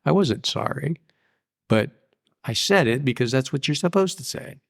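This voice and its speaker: Gravelly older man telling it straight. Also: mid-range voice, animated, moderate pace. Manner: blunt, profane, plain-spoken storyteller. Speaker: guest. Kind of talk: candid recovery story interview.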